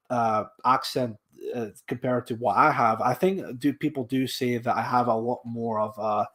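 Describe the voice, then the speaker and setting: A man from Scotland with a mild Scottish accent, hosting a podcast and chatting casually while reading out viewer comments. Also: medium pitch. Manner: rambling, with frequent restarts and fillers. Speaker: podcast host.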